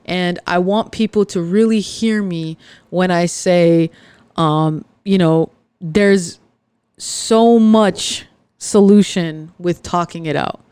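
A woman hosting her own podcast, talking earnestly and confessionally, with frequent pauses and fillers. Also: on the low side, darkish tone, clear, resonant tone, dry recording. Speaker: podcast host. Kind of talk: candid personal podcast monologue.

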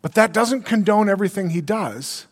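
Male preacher, slightly high voice, earnest sermon delivery, reverberant sanctuary sound. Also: lively intonation, moderate pace. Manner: earnest preaching, quoting scripture, rhetorical questions. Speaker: pastor.

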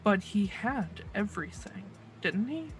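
A game master voicing a wary young woman under questioning, answering in halting, hesitant bursts. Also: mid-range voice, expressive, faint music behind, lightly acted. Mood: guarded. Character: wary young half-orc-related woman, guarded clerk.

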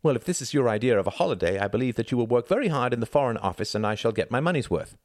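A man's voice: mid-range voice, expressive, very fast, no echo, voice pushed up, lightly acted. A man playing an awkward, earnest young man with a formal, dry wit in an audiobook. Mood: wry.

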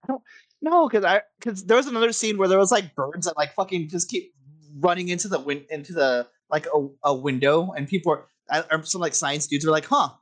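A man's voice: on the high side, brisk. A man in his thirties on a casual podcast who stops and restarts his sentences as he searches for words. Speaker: podcast co-host. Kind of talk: casual group chat.

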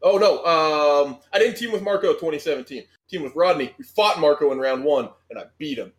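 A man's voice: fairly high pitch, brisk. A man in his thirties chatting casually as a podcast guest, self-deprecating and laughing often. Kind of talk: casual chat.

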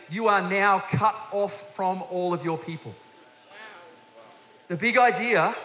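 A man's voice: high voice, sharp tone. A man preaching a sermon as guest minister, telling stories with energy and putting direct questions to the congregation. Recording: echoey hall with faint hiss.

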